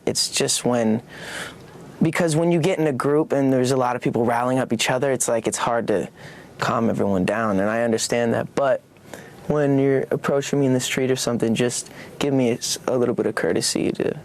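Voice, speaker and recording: A young man talking in a casual, halting way as an interview guest, full of fillers and restarts. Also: medium pitch.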